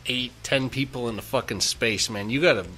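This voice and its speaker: A man's voice: mid-range voice, fairly quick, sharp tone, a little hiss or hum. A man co-hosting a radio show, brash and swaggering, swearing heavily in casual talk. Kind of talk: casual profane radio chat.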